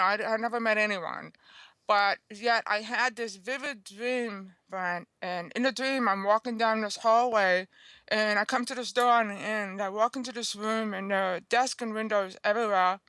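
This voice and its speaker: Woman, guest author. Bright, dry studio sound. Earnest, chatty storyteller. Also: medium pitch, smooth, no echo. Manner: chatty, earnest, checks in with "okay?" and "you know". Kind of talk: telling a personal story in an interview.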